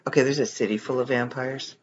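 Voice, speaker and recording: A man's voice: mid-range voice, fairly even intonation, quick pace, dull audio, slight background noise. A man casually reading articles aloud, adding joking comments between passages. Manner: joking, reads text then adds wry comments. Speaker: reader of online articles.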